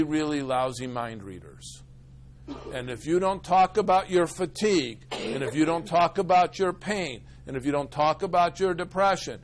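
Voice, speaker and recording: A middle-aged man giving a humorous presentation to a live audience, telling a story and acting out both sides of a scene. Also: a little high. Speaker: disability attorney speaking to a group.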